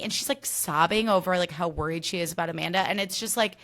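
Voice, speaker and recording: A woman's voice: medium pitch, quick pace, hardly any pauses, fairly bright tone. A young woman hosting a podcast, recapping reality TV in a chatty, sarcastic way, swearing freely and acting out quotes. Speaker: podcast host.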